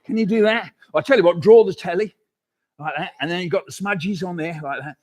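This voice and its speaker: A man's voice: high-pitched, brisk. An older man telling comic stories to a hall of children and getting them to join in. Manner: animated, leads audience call-and-response. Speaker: children's author performing. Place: hall at live awards event.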